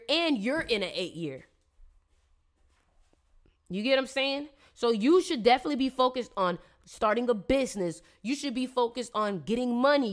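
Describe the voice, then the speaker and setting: Chatty woman with a higher voice. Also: a bit bright. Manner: chatty and playful, slangy, teasing viewers. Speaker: live-stream astrology reader. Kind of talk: casual live-stream chat.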